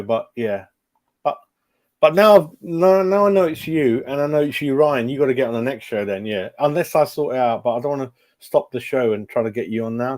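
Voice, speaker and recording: A man's voice: mid-range voice, a little mellow. Middle-aged man, live stream host, casual and distracted chatter. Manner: chatty, distracted, muttering while fiddling with a computer. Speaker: fan channel host.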